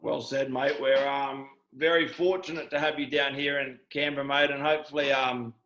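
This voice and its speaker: A young Australian man hosting a casual video call chat, chummy and halting, saying mate constantly. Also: mid-range voice, little pitch movement, a bit bright, muffled recording. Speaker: host.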